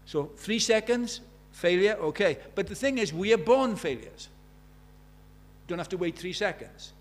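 A man preaching a sermon in church, his voice sitting a little high for a man. He drives his points home with emphatic repetition and rhetorical questions, dropping from forceful declarations to hushed asides. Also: animated, unhurried.

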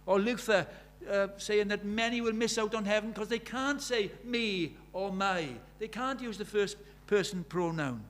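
A man preaching a sermon, animated, shifting from loud emphatic lines to quiet asides. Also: high-pitched, a little slow, hardly any pauses.

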